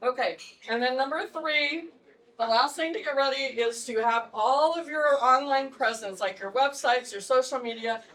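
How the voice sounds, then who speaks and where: A woman teaching a live networking workshop, telling animated stories with laughs. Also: high voice, moderate pace, distant mic, poor audio. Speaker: networking trainer. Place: meeting room with audience.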